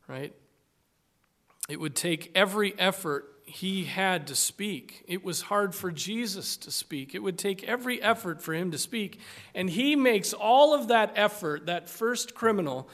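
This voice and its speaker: Slow, dramatic male preacher. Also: high-pitched, fairly bright tone. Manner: slow, dramatic, deliberate scripture reading with emphatic swells. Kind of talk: sermon.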